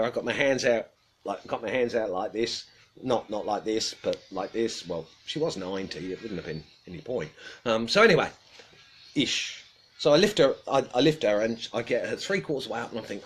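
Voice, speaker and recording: Outdoors, a man hosts a casual livestream in a medium-pitched, lively voice with a breathy edge, at normal speed. He rambles through a self-deprecating story, chuckling often.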